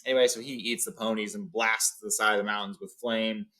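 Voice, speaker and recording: A man's voice: on the low side, steady tone, fairly quick, pushed and bright. A man reading a novel aloud, switching between reading and casual summaries with fillers. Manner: reads, then sums up casually with fillers. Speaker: reader. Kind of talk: book read-along with casual summaries.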